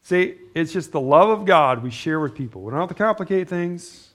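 A middle-aged male pastor gives a loose, story-driven sermon in a fairly high voice. He rambles conversationally, restarting sentences and tossing in asides as he talks to his congregation. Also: expressive, moderate pace, fairly bright tone.

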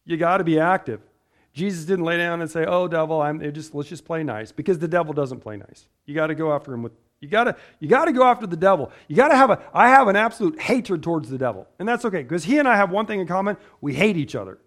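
A man's voice: fairly high pitch, expressive, quick pace, fairly bright tone. A man preaching a sermon, reading scripture aloud and stressing points with repeated rhetorical questions. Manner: rhetorical questions, emphatic and repetitive.

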